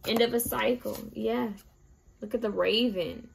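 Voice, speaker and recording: A woman's voice: on the high side, unhurried, creaky, noisy background. A woman giving a casual tarot card reading, speaking earnestly and chattily to her viewers as "you guys". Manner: earnest, spiritual advice-giving.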